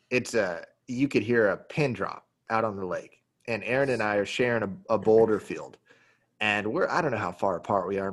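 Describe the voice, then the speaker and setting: A man on a podcast telling a fishing story in a casual, animated way, now and then acting out quotes. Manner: animated storyteller, acts out quotes in a high yelling voice. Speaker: podcast host and pro angler.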